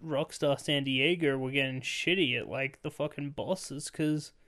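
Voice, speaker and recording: A man's voice: mid-range voice, fairly even intonation, measured pace, a bit bright. A young man co-hosting a podcast, talking loosely in casual chat and swearing often. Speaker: podcast co-host.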